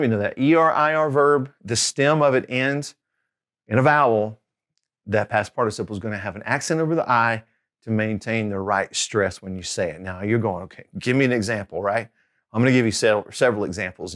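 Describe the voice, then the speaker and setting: A man giving a relaxed, conversational language lesson at a mid-range pitch. He speaks quickly in his asides, then slows right down to say each foreign word twice, clearly and deliberately. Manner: chatty, repeats each Spanish word slowly. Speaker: Spanish tutor. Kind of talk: casual video lesson.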